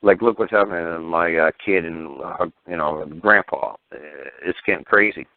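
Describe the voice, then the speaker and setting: A man's voice: low voice, normal speed, no echo. A man hosting a talk radio show, speaking bluntly and heatedly with profanity and stammering restarts. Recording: tinny phone-line radio audio.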